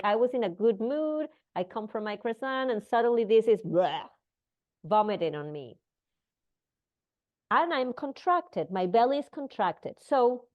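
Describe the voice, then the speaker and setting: A woman who does not speak natively, teaching a breathwork class and telling a story with acted-out dialogue and halting restarts. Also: mid-range voice, lo-fi sound.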